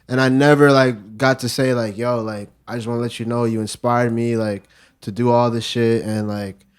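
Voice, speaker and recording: A man's voice: medium pitch, fairly even intonation, normal speed, smooth. Laid-back joking man, slangy podcast guest. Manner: loose, joking, heavy slang and fillers. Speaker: podcast guest, music producer. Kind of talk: casual chat.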